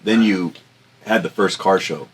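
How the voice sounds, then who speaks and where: A man's voice: low-pitched, a little slow, a little hiss or hum, poor audio. A man interviewing a guest, asking short, casual follow-up questions. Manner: brief prompts and follow-up questions.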